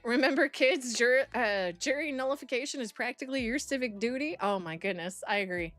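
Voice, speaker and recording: A woman's voice: on the high side, a little fast, a bit bright, soft background music. A young adult woman streaming live, chatting casually with her chat in a rambling way and laughing often. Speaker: streamer reacting to videos and reading chat.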